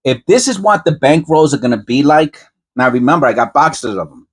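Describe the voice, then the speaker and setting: A man hosting his own coin hunting video, talking casually and rambling as he goes, often repeating himself and correcting himself mid-sentence with excited asides. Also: mid-range voice, fairly quick, slightly rough. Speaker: coin roll hunting channel host. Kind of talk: casual chat while searching coins.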